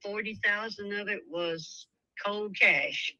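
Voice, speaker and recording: A woman from Tennessee with a Tennessee accent, calling in to a show and speaking softly and hesitantly. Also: medium pitch, takes it slowly, poor audio. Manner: soft-spoken, hesitant. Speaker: caller. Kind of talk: phone call to a show.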